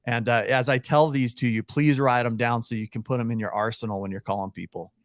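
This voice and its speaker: A man's voice: mid-range voice, fairly even intonation, fast, dry recording, clean studio sound. A man being interviewed on a podcast as a real estate coach, energetically acting out phone scripts. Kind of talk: podcast interview, coaching with role-played calls.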